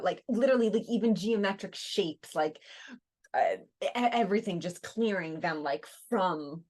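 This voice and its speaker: Animated woman podcast host. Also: fairly low pitch. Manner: animated, heavy use of "like", frequent restarts. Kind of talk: casual conversational storytelling.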